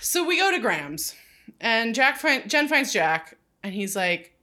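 A woman's voice: fairly high pitch, very animated, a little slow, bright, forceful tone. A woman co-hosting a casual TV recap podcast, narrating the episode's plot and laughing often. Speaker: podcast co-host.

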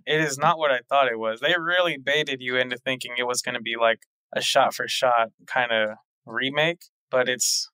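Chill podcast dude, bright clear voice, dry sound, takes his time. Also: medium pitch, dry recording. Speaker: podcast co-host. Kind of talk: casual chat.

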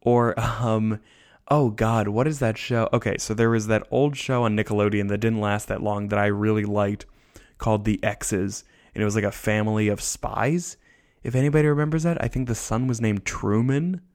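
A man talks through a casual podcast review in a lowish voice with plenty of vocal fry. He sounds tired and rambles loosely, often making fun of himself. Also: fairly even intonation, normal speed, darkish tone. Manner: rambling, loose and self-deprecating. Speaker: podcast host.

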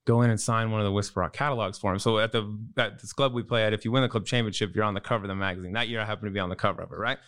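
Smooth, fast-talking man. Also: fairly low pitch, fairly even intonation, fairly bright tone. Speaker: podcast co-host. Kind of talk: casual storytelling chat.

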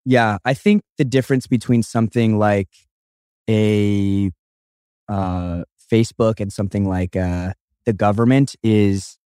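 A man's voice: lowish voice, fairly even intonation, a little slow, mellow, smooth, dry recording, clean studio sound. A young man co-hosting a podcast, rambling and joking in casual chat, swearing freely. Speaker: podcast co-host.

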